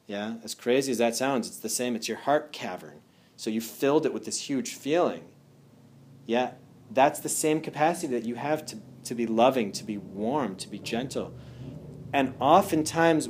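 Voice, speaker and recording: Brief: male energy healer, mid-pitched, earnest casual talk, leans on rhetorical questions and "you know". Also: darkish tone, slightly rough. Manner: earnest, asks rhetorical questions, many fillers.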